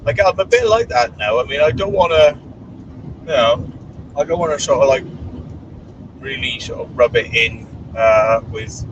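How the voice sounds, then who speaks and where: A man in a moving car talks bluntly and swears freely as he tells stories. He sits well back from the microphone. Clear road noise runs under his voice. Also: mid-range voice. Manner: blunt, swearing, animated storytelling. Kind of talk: casual chat while driving. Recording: distant voice with clear background noise.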